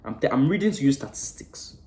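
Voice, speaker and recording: A man's voice: mid-range voice, big pitch swings, a little fast. Impassioned man ranting in an echoey room. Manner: impassioned, preachy, swears freely, swings between loud and hushed. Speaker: football fan channel host. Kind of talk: passionate match-reaction rant.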